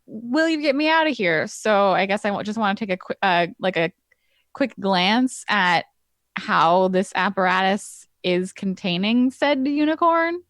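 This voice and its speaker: A woman's voice: mid-range voice, dry recording, clean studio sound. A woman playing in a tabletop game, speaking casually and hesitantly, with many "like"s and "um"s. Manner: hesitant, full of "like" and "um". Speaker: player.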